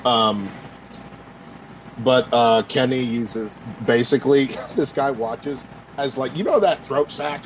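A man's voice: mid-range voice, takes it slowly, background noise. A man playing a tabletop game, rambling with lots of fillers. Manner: rambling, full of "like" and "um". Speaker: player. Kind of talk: casual tabletop play.

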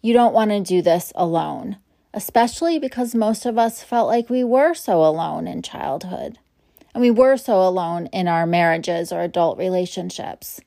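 A middle-aged woman therapist hosting her own show, giving calm advice in an unhurried, gentle and reassuring way. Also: fairly low pitch, gravelly, no room sound, studio quality. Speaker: therapist and podcast host.

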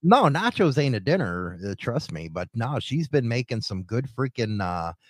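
A man's voice: medium pitch, very animated, moderate pace, no echo, clean studio sound. A man with a New York accent hosting a radio talk show, rambling and joking with lots of fillers. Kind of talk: casual radio banter.

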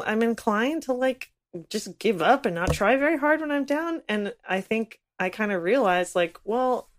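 A young woman co-hosting a podcast in casual chat, animated and laughing often. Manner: animated, laughs often, high excited squeals. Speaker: podcast co-host.

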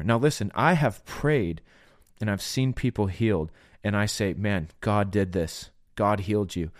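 A man's voice: on the low side, no echo, clean studio sound. A man hosting a solo podcast, preaching earnestly and pleading with listeners, often acting out the voices he quotes.

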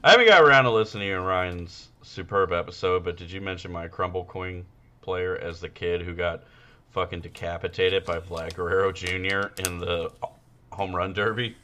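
A man's voice: low voice, normal speed, pushed and bright. A man co-hosting a podcast, chatting crudely and rambling with many fillers. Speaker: podcast co-host. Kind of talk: casual comedic chat.

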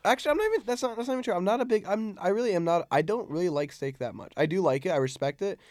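A young man co-hosting a podcast, chatting casually and quickly, often stopping to correct himself. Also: high voice, darkish tone, no room sound, studio quality. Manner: quick, self-correcting, halting restarts. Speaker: podcast co-host. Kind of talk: casual chat.

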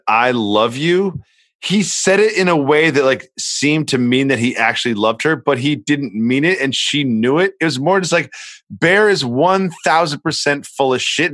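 A man's voice: fairly high pitch, fairly bright tone, dry recording. A man co-hosting a podcast in casual chat, joking in a wry way. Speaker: podcast co-host.

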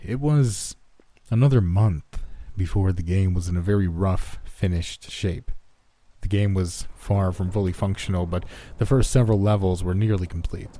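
A man narrating a scripted horror story in steady first-person telling. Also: low voice, normal speed.

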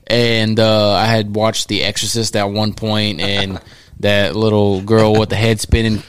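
A man's voice: lowish voice, level tone, a little slow, clean tone, no echo. A man in his mid-twenties co-hosting a podcast, telling a personal story in a laid-back, candid way. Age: 20s. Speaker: podcast co-host. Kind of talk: casual chat.

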